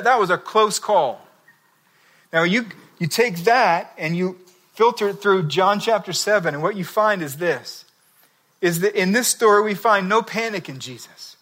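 A man's voice: a little high, sharp tone. A man preaching a sermon, telling a story and reading scripture in a conversational, emphatic way. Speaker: pastor.

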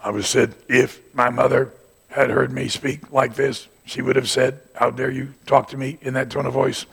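An older man preaching a sermon. He climbs to shouted peaks and then drops to quiet asides. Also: medium pitch, fairly even intonation, normal speed, gravelly, husky.

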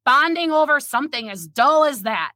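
A woman's voice: high-pitched, lively intonation, moderate pace, dry recording. A woman voicing a brash, mocking sister-in-law. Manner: loud, teasing, guffawing. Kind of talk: reading fiction aloud.

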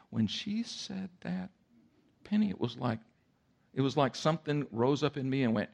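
A man's voice: mid-range voice, brisk, creaky. Storytelling male pastor preaching. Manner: lively storytelling, acting out voices and sounds. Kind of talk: sermon.

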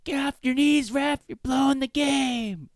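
A man putting on the voices of loud middle-aged women yelling at a basketball game. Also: fairly even intonation, measured pace, gravelly, dry recording, clean studio sound, full character voice. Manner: shrill heckling at refs and players.

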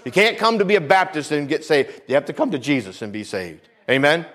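Male preacher, mid-high voice that swings widely, fervent sermon delivery with amen call-outs. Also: big pitch swings, brisk, fairly bright tone.

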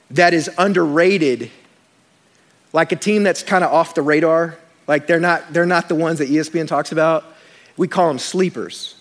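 A man preaching a sermon to a congregation in church, mixing scripture with funny personal stories and asides. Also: a little high. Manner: storytelling with humor, animated asides to congregation. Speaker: pastor.

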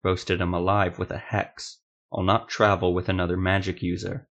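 A man's voice: low voice, little pitch movement, normal speed, a bit bright, lo-fi sound. An actor voicing a furious, hard-bitten male witcher who snarls his short, curt lines. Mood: cold.

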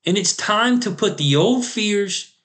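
A man with a somewhat high voice delivers a podcast sermon. He talks earnestly, pressing his points with emphatic repetition. He quotes scripture as he goes. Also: expressive, unhurried, a bit bright. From United States. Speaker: podcast host. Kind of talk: preaching monologue.

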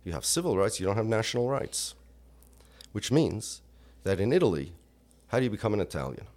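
American guy lecturing, lower voice that swings up and down a lot, keeps asking the room questions. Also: big pitch swings, fairly quick, a little mellow. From United States. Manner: emphatic, with rhetorical questions and Yiddish and Hebrew terms. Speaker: religious lecturer. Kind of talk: impassioned lecture.

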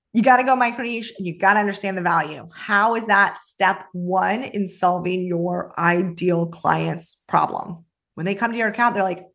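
A woman hosting her own podcast, coaching listeners on social media in an upbeat, chatty way with quick asides. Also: medium pitch, a bit bright. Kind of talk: casual solo podcast talk.

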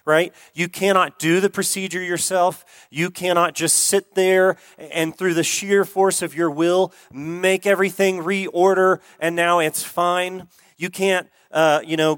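A man preaching a sermon as pastor, earnest, repeating key phrases and slowing down for emphasis. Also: high-pitched, fairly bright tone, no room sound.

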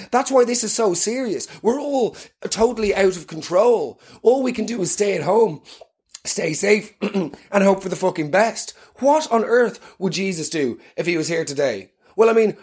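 A man's voice: sits high, slightly rough. A young Irish man doing a rambling comic live-stream monologue, swearing freely. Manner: animated, swearing, rambling with laughs. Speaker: comedian.

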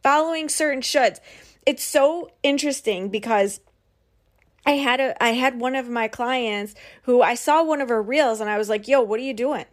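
Candid, animated woman podcaster. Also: a little high, normal speed. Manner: candid and animated, with frequent "like" and swearing. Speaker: podcast host and business coach. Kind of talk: casual personal monologue.

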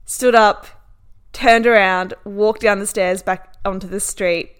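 A woman's voice: mid-range voice, slow, clear, resonant tone. A young woman from Australia telling a personal story in a casual vlog, acting out the lines of the people in it. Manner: animated, acts out other people's lines. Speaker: vlogger.

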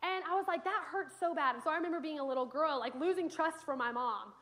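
Speaking quickly in a high, fairly bright voice, a young woman preaches from a church sanctuary. She tells her stories earnestly, dropping in casual fillers as she goes.

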